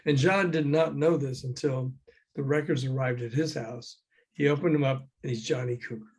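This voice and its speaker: A man's voice: mid-range voice, normal speed, husky. Older man telling stories over a call. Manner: lively raconteur who acts out the people he quotes. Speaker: guest, former record promoter. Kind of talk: anecdotal storytelling on a call. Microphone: video call.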